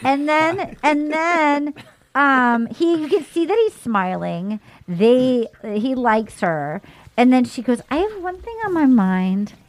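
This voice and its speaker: A woman's voice: high voice, slow pace, no room sound. A woman co-hosting a casual podcast, retelling a show with acted-out quotes and lots of "like". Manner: animated storytelling, acts out quotes. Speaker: podcast co-host. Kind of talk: casual recap chat.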